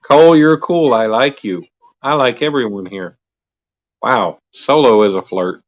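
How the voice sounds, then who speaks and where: A man's voice: mid-range voice, a little slow, muffled recording. A man, chatting casually on a livestream and telling jokes with put-on voices.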